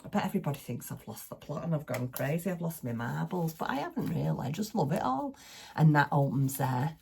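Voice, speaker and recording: A middle-aged woman hosting a crafting channel, chatting excitedly to the camera at home and laughing often. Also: sits low, a little fast, gravelly, husky. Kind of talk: casual chat to camera. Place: small home craft room.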